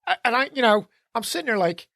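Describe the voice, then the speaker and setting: A man co-hosting a podcast, telling a story in an animated, ranting way and swearing freely. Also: very high-pitched, quick pace, vocal fry, dry recording, clean studio sound. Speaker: podcast co-host. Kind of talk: casual chat.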